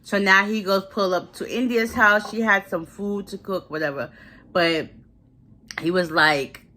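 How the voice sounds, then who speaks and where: A woman's voice: medium pitch, a little slow, bright, forceful tone. A woman casually recapping a movie plot in a chatty, slangy way, acting out the characters' lines as she goes.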